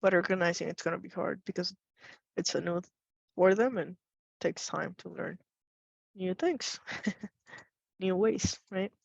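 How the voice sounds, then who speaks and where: A woman's voice: on the low side, unhurried, gravelly, pauses often, breathy edge, dry recording. A woman facilitating a webinar over a video call, chatty and encouraging, with many affirming murmurs. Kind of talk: casual webinar discussion. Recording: dull, dry video call audio.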